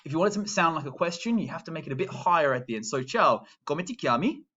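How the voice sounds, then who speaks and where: Man Italian teacher modeling phrases slowly, lo-fi. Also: fairly high pitch, lively intonation, bright, forceful tone. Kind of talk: recorded pronunciation lesson.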